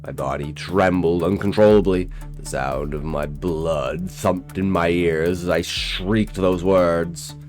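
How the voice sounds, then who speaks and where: Deep, slow-spoken horror narrator, man. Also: steady tone, a little mellow, soft background music. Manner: dramatic, intense first-person telling. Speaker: storyteller.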